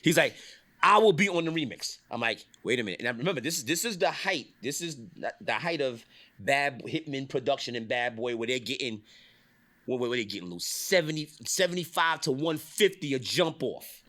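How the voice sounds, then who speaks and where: A middle-aged man spinning a casual story with a bright, forceful voice. His pitch leaps and swoops as he acts out the people he quotes. He swears freely and laughs often. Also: expressive, brisk. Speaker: podcast host telling industry stories.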